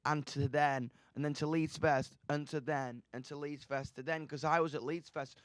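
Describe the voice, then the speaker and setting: A young man rattles through stories in a radio studio, excitable and rambling, swearing freely. His voice sits a little high, and the room is dry. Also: moderate pace, no echo. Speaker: musician guest. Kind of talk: casual interview chat.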